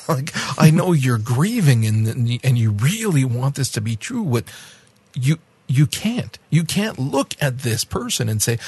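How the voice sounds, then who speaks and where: A man's voice: medium pitch, big pitch swings, a little slow, darkish tone, slightly rough, dry recording. A man co-hosting a podcast, talking casually and ranting with animation, laughing and restarting his sentences. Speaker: podcast co-host. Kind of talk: casual podcast chat about a documentary.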